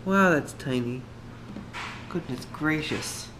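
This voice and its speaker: Man, 30s, daily family vlogger; casual and chatty on a camera mic, steady hum of background noise behind him. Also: a little high, takes it slowly. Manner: chatty, upbeat, thinks out loud. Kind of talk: casual vlog talk to camera.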